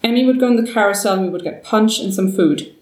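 A woman's voice: mid-range voice, fast talker, a little mellow, lightly acted. A woman voicing a grieving, weary old man who speaks in a trembling, sorrowful way, recorded from a distance in a roomy space. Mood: wistful.

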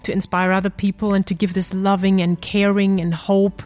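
A woman's voice: medium pitch, level tone, moderate pace, a little mellow. A woman hosting a podcast, talking in an encouraging, conversational way. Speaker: podcast host.

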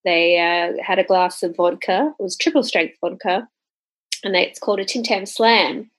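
A woman from Australia with an Australian accent, hosting a casual podcast chat in an animated, joking way. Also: lowish voice, normal speed. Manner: animated, jokey, laughs often. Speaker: podcast host.

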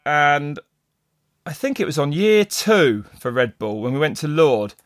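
A middle-aged man, a race commentator, telling stories in casual chat, rambling and animated with many restarts. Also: fairly high pitch, a little slow, no room sound, clean studio sound. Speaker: mountain bike race commentator. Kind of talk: casual podcast storytelling.

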